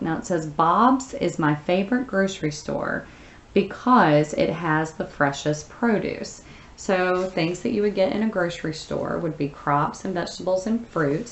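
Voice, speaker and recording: A woman teacher with a fairly low voice reads a story aloud, then works through the answers. She explains patiently, one step at a time, often pausing on fillers. The room around her rings with a noticeable echo.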